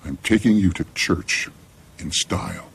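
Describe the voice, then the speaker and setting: A needy, earnest ex-husband pleads in a low voice. His pitch swings widely and he talks slowly, with a faint hiss behind him. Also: sing-song, vocal fry, full character voice. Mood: pleading. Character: wheedling ex-husband man, needy. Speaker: sitcom character.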